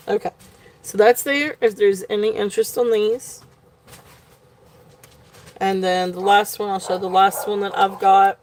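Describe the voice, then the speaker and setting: A woman's voice: mid-range voice, fairly even intonation, a little slow, pauses often, slight background noise. A woman at home hosting a live jewelry sale, gushing over each piece with many ums. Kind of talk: live auction selling.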